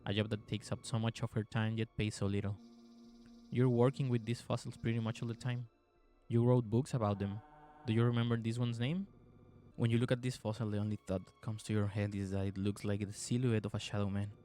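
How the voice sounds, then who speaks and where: Young guy doing horror game narration and chat, lowish voice, faint music behind. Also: level tone, fairly quick, warm tone. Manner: reads narration evenly, chatty and upbeat in commentary. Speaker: gaming video host.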